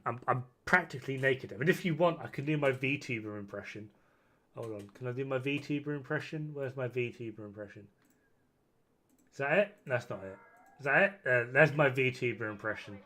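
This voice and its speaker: A British man with a mid-range, sharp-toned voice chats casually on a stream at normal speed, camera off in a room at home. He's tipsy on whiskey, rowdy and swearing, and keeps up self-mocking banter.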